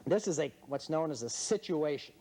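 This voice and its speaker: A man hosts a quiz game with a voice a little higher than most men's. He plays it wry and mock-serious and teases the contestants, with the audience in the room. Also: animated, normal speed, warm tone, slight background noise. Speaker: game show host. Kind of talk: joking quiz-show hosting. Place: in front of a studio audience.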